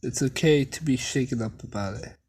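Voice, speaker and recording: A storyteller voicing a calm, protective female ninja squad leader, with a husky voice and frequent throat-clearing. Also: medium pitch, fairly quick, close to an everyday voice. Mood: reassuring. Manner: steady, reassuring, then commanding. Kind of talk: fan story narration.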